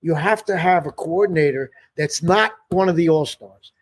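An older man tells loose, rambling stories in an interview. His voice is husky and sits a little high, and he keeps circling back with "you know". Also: normal speed. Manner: rambling, full of "you know" and restarts, laughs often. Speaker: musician guest. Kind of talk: casual interview storytelling.

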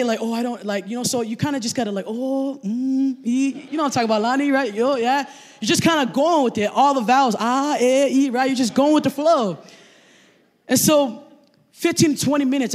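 A man in his thirties preaches in a church service, his voice pitched high for a man. He talks to the congregation like a friend, tags "right?" onto nearly every point, and tells his stories with animated energy. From Samoan family background. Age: 30s. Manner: animated storyteller, asks the crowd to repeat phrases. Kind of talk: sermon.

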